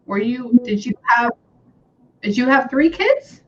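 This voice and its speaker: A young American woman working as a psychic medium, chatting casually and often pausing with "hang on" while she relays messages. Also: on the high side, expressive, dull audio, slight background noise. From United States. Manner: chatty, keeps saying "hang on" and relaying what she hears. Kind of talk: casual reading session.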